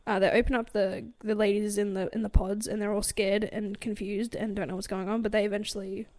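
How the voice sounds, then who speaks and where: A woman's voice: mid-range voice, little pitch movement, brisk, darkish tone. A young woman co-hosting a book podcast, recapping a novel in casual chat with lots of fillers and frequent laughs. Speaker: podcast co-host.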